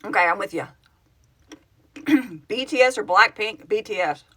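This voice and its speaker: A woman's voice: mid-range voice, normal speed, pushed and bright. A middle-aged woman from Oklahoma hosting a casual live stream from home on her phone, chatting and answering viewers' comments in a rambling, self-correcting way. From Oklahoma, United States. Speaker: livestream host, project founder.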